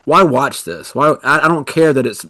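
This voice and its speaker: A man's voice: medium pitch, expressive, moderate pace, bright, forceful tone, no echo. A man co-hosting a podcast, chatting casually and rambling with lots of fillers. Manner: rambling, many "you know" fillers. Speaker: podcast co-host. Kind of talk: casual chat.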